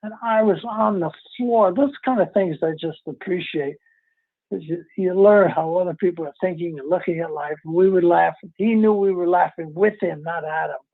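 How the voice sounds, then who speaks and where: An older New York City actor, speaking at a normal pace in a high, gravelly voice, tells rambling stories in a casual interview. He chuckles and loses track of names as he goes, and the audio sounds tinny, like a phone call.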